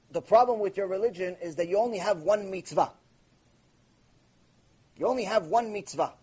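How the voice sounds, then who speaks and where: A man, a rabbi, giving a Torah lecture and telling a story in an emphatic, animated way full of rhetorical questions. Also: sits high, slightly rough.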